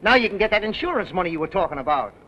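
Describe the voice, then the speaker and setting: Brief: a slangy, pushy car salesman; high voice, muffled old film sound. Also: very animated, rapid-fire. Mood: smooth-selling. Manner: brash slangy salesman patter. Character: brash fast-dealing male used car dealer. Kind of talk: 1930s film acting. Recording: dull old film soundtrack with faint hiss.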